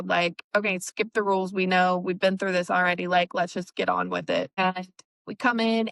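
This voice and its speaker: Smooth-voiced woman recapping a book. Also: mid-range voice, fairly bright tone, no echo, rough recording. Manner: chatty recapping with laughs and fillers. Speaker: book podcast co-host. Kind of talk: casual book discussion.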